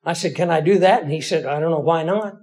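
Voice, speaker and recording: Man, middle-aged, pastor, high voice, folksy storytelling sermon, conversational, self-deprecating. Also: fast talker, a little mellow.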